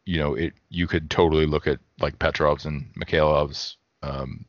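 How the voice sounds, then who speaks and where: A man's voice: very deep voice, fairly even intonation, moderate pace, dry recording, muffled recording. A man co-hosting a podcast in casual chat, thinking aloud and correcting himself as he goes. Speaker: podcast co-host.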